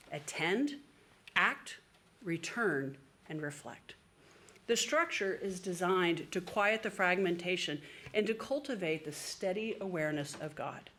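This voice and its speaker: A woman's voice: medium pitch, a bit bright. A woman priest giving a sermon in a conversational way, with the odd filler word. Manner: conversational preaching with occasional fillers.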